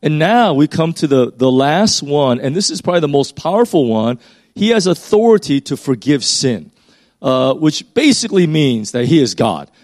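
A man's voice: a little high, a little mellow, no room sound, clean studio sound. A man, a pastor, reading a Bible passage aloud and then explaining it in a casual teaching voice with fillers and restarts.

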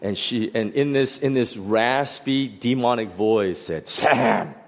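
A middle-aged pastor telling a personal testimony in a sermon, animated and full of restarts and fillers. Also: male voice, mid-range voice, a little slow.

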